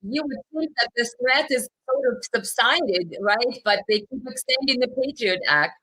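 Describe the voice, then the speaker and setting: High, bright-voiced woman host. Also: animated, rough recording. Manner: earnest, pauses with fillers, rhetorical. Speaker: live stream host. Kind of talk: casual political chat. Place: home in Michigan.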